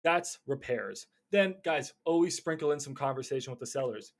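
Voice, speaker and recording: A young man teaching casually about cold calling, acting out both sides of phone calls in lively voices. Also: medium pitch, normal speed, few pauses. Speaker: real estate wholesaling coach.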